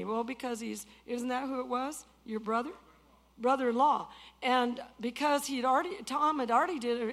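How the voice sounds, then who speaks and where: A woman in her sixties preaching a testimony, swinging from loud outbursts to hushed tones. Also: a little high. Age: 60s. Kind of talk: sermon testimony.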